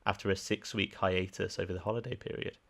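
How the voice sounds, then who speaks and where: A man's voice: deep voice, fairly even intonation, fast talker, vocal fry, fairly bright tone. A man with a Birmingham accent co-hosting a podcast, chatting and reading out trivia facts. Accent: Birmingham English. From England. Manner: reads out production facts, chatty, laughs easily. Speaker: podcast co-host.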